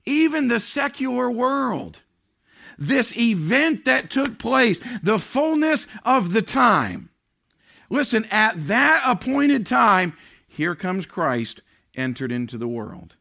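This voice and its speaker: A man preaching a sermon, swinging between loud, drawn-out emphasis and low, hushed lines. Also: very animated, gravelly. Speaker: pastor.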